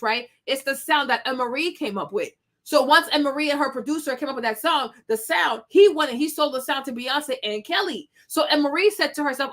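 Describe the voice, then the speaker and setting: A woman's voice: high voice, lively intonation, moderate pace, fairly bright tone. A woman hosting a commentary show, reacting to a clip with sassy, emphatic talk. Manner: sassy, emphatic, preachy asides.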